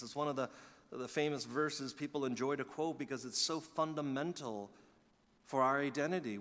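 A middle-aged man preaching in a church sanctuary, his mid-pitched voice trailing a long reverb through the hall. He is animated, punching key phrases loudly, then dropping to quiet, confiding asides. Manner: animated storytelling, swings between loud emphasis and quiet asides. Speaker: pastor. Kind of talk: sermon.

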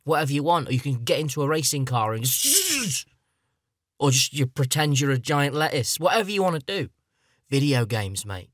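A man's voice: mid-range voice, very animated, moderate pace, a bit bright, dry recording, clean studio sound. A man voicing the country of Japan as a generous, boastful, matey bloke, in his own plain voice.

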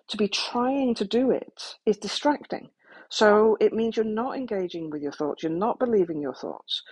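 A woman's voice: mid-range voice, darkish tone, slightly rough. A woman speaking frankly and practically to the listener about coping with trauma, with some self-deprecating asides. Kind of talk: candid talk to the listener.

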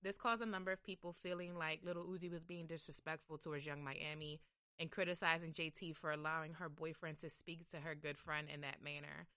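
A woman's voice: low voice, steady tone, brisk, pushed and bright, dry recording, studio quality. A woman hosting a podcast in casual chat, talking loosely with many fillers like "like" and "um". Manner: chatty, lots of "like" and "um". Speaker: podcast host.

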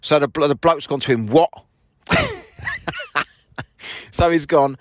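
A man's voice: a little high, slow, no echo. A man telling a sweary, mocking story in a casual monologue from his parked car. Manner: sweary, mocking, acts out both sides of a quarrel. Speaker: podcast host.

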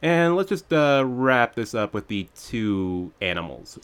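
A man's voice: mid-range voice, very animated, a little slow, fairly bright tone, clear, resonant tone. A man co-hosting a podcast, chatting casually and wryly as he picks apart a movie. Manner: wry, critical, rambling asides. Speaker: podcast co-host. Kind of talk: casual film review chat.

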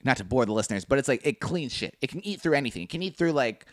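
A young man chatting casually on a podcast, telling work stories in an animated way and swearing freely. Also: medium pitch, racing, no room sound, clean studio sound. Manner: animated storytelling, heavy swearing. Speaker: podcast co-host. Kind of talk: casual chat.

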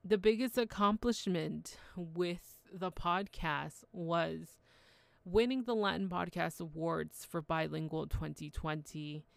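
A woman hosts her podcast alone, talking in a chatty, heartfelt way. Her voice sits very low with a gravelly edge, and the recording is dry and close. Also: slow pace, no echo. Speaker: podcast host. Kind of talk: solo podcast monologue.

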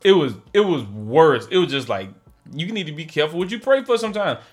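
A young man, telling a story as a podcast co-host in casual chat, animated and laughing, mimicking voices. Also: a little high, a little fast, faint music behind.

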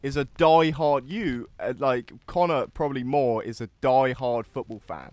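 A man's voice: mid-range voice, a little slow, darkish tone, no echo. A man co-hosting a casual podcast chat, full of fillers and casual swearing. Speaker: podcast co-host.

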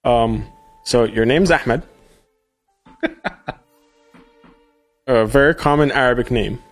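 A man's voice: medium pitch, slow pace, faint music behind. Laid-back male podcast host. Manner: hesitant, laughs often, restarts phrases. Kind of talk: casual interview chat.

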